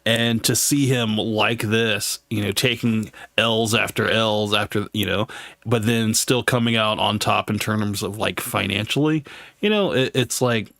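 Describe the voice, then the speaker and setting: A man's voice: lowish voice, fairly even intonation, measured pace, creaky, a bit bright, no echo, studio quality. A man hosting a live show, talking loosely in casual commentary full of fillers and restarts. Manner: loose, rambling, heavy on fillers. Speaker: host.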